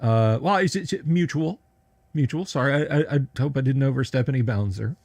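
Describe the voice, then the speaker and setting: A man's voice: medium pitch, brisk, darkish tone. A man hosts a casual livestream from his home setup, speaking into a desk mic. His talk wanders, full of "uh" and restarts, with dry jokes thrown to the chat along the way. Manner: rambling, jokey, lots of fillers and restarts. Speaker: livestream host.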